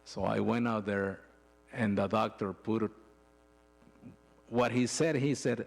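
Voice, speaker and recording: A middle-aged man giving a personal testimony in a church, telling his story in an emotional, halting way with frequent restarts. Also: on the low side, gravelly. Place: church sanctuary.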